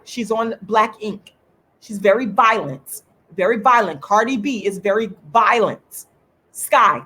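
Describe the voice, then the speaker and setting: On her own online show, a woman with a middle-pitched, slightly bright voice delivers an impassioned livestream monologue. Her tone is emphatic and preachy, and she repeats her points again and again, pausing now and then to thank viewers in the live chat.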